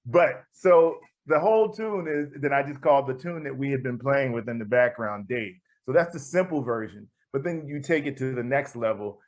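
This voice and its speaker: A man of mid pitch, a jazz composer, spins a story in a relaxed interview, acting out the voices he quotes and laughing often. The podcast audio is a little muffled and lo-fi. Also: normal speed, few pauses. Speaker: guest jazz musician and composer.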